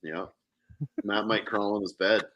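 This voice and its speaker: A man's voice: fairly low pitch, fairly even intonation, measured pace, highs cut off. A man joining a casual fishing chat from his computer, wry and joking. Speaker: guest angler. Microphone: computer call.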